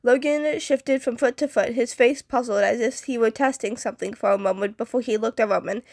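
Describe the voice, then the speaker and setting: A woman reading fan fiction aloud, unhurried and with frequent restarts. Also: fairly high pitch, a little mellow, no room sound, clean studio sound.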